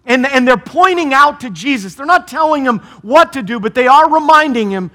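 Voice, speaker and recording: Bright high-voiced male pastor preaching. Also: lively intonation, normal speed, hardly any pauses. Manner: conversational preaching with rhetorical questions. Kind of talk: sermon.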